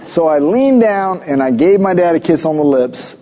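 A man's voice: a little high, animated, moderate pace, dark tone, dull audio, a faint crowd. A middle-aged man preaching a sermon, mixing conversational storytelling with emphatic exhortations. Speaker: pastor.

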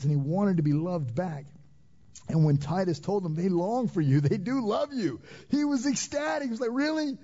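A man's voice: a little high, warm tone, lo-fi sound. A man preaching a sermon as pastor, emphatic, repeating phrases and asking the congregation questions. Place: church sanctuary.

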